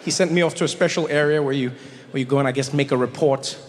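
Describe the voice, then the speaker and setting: A male comedian telling animated stories during a stand-up set. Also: medium pitch, quick pace, in a large hall, a little hiss or hum. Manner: animated storyteller.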